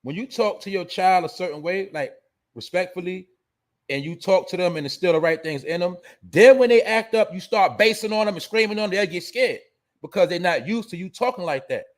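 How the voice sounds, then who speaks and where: A man's voice: high-pitched, fairly quick. A man hosting a show, giving blunt, profane, preachy commentary. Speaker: show host. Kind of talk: casual commentary monologue.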